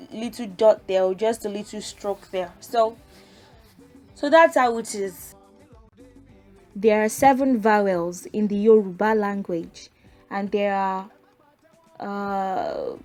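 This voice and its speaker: Slow-speaking woman teaching a language. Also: medium pitch. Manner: slow and careful, reciting letters one by one, relaxed asides with fillers. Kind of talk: casual spoken lesson.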